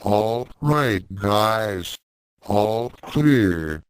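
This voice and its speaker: A man's voice: on the low side, animated, drawn-out words, clean tone, dry recording. A man reading the lines of a cocky, brash young male martial artist with a mocking tone.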